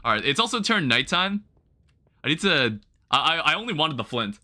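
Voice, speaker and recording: A man's voice: a little high, very animated, normal speed, bright, forceful tone. A man livestreaming a game, chatting casually with viewers in a rambling, self-correcting way with the odd light swear. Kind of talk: casual gameplay commentary.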